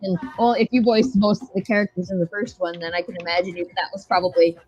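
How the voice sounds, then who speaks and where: A woman's voice: on the low side, flat delivery, fast talker, darkish tone. Chatty woman hosting a talk. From United States. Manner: chatty, laughing, swears freely. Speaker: host. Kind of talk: casual online chat. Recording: dull lo-fi sound, faint music.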